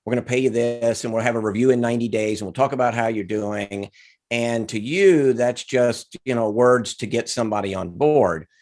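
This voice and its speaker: A man co-hosting a podcast, explaining a point in a measured, casual way. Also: mid-range voice, a little mellow. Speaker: co-host.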